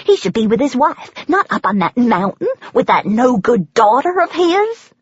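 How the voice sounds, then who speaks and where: A woman's voice: fairly high pitch, very animated, normal speed, husky, no room sound, lo-fi sound, pitched above the performer's own voice. A woman voicing a fierce, bitter older American country woman with clipped rural speech.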